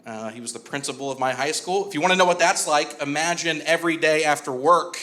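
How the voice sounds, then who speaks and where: A man's voice: fairly high pitch, fast, pushed and bright. A man in his twenties performing a stand-up comedy set, chatty and laughing through his jokes while he works the crowd. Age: 20s. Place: comedy club stage.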